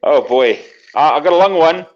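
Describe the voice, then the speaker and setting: A man telling a long joke on a video call in a relaxed, chuckling way. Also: a little high, moderate pace, highs cut off. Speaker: panelist.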